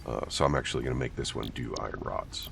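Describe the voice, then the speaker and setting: A man co-playing on a livestream, relaxed and practical as he directs the building. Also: a bass voice, fast talker, creaky, a little hiss or hum. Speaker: guest co-player. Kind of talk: casual gaming livestream chat.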